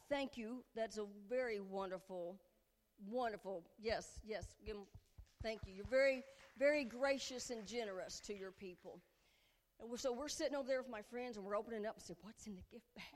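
Chatty woman preacher in a reverberant hall. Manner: animated, chatty, breaks into giddy high-pitched bursts. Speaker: woman preacher at a women's conference. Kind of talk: humorous storytelling sermon.

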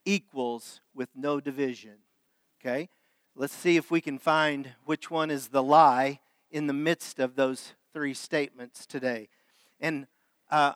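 A man's voice: fairly high pitch, a bit bright, no echo. A middle-aged man who is a pastor, preaching a sermon and reading a story aloud in an earnest way that builds in intensity. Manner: earnest, rising in intensity during dramatic passages.

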